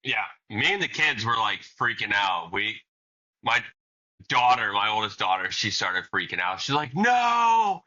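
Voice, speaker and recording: Forceful low male co-host, lo-fi. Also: normal speed. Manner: laid-back, agreeable, short replies. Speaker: podcast co-host. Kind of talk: casual chat. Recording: dull lo-fi audio.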